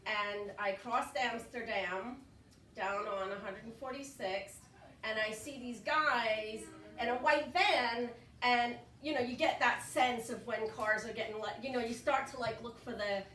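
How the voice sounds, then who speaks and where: Older woman, comic storyteller, bright and excitable, miked from a distance. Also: high voice, reverberant, slight background noise. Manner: animated, frantic when quoting herself.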